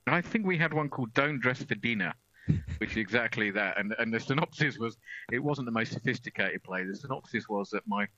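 A man's voice: medium pitch, expressive, fairly quick, pushed and bright, no room sound. A middle-aged man with an English accent, chatting as a radio guest about amateur acting, self-deprecating and full of restarts. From England. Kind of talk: casual radio chat. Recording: dull lo-fi radio sound.

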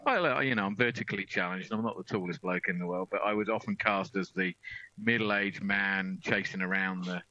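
A man's voice: low-pitched, fairly quick, sharp tone, dry recording. English man, middle-aged, casual radio chat, self-deprecating, dull lo-fi recording, dry studio. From England. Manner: chatty, self-deprecating, many restarts. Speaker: radio guest, amateur actor.

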